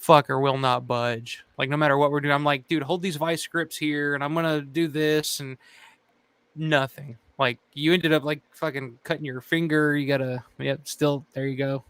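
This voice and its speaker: A man with a slightly high, smooth and clear voice hosts a relaxed chat. He tells a story loosely, swears freely and laughs often. The sound is dry and close. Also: moderate pace, no echo. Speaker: channel host.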